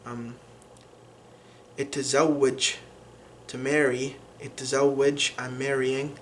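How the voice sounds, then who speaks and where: A man teaching a lesson on pronunciation, explaining patiently with frequent pauses and fillers. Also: medium pitch, steady tone, a little hiss or hum. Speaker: language teacher.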